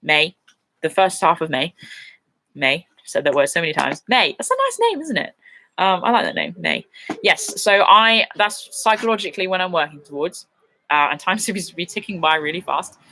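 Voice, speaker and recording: A woman's voice: on the low side, moderate pace, sharp tone. A woman hosting a casual live viewer Q&A from her sofa at home. She talks in a rambling way, with fillers and restarts, and she is openly emotional and laughs easily. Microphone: computer mic on a livestream.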